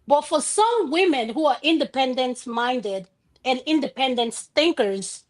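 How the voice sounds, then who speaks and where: A woman on a talk panel giving her opinions directly and firmly. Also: fairly high pitch.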